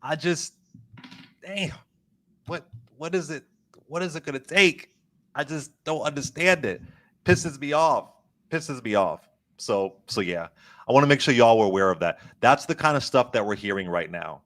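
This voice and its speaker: A man's voice: mid-range voice, expressive, moderate pace, a bit bright. A man guest-hosting a political commentary show, talking in an impassioned, emphatic way and repeating words for stress. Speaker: guest host.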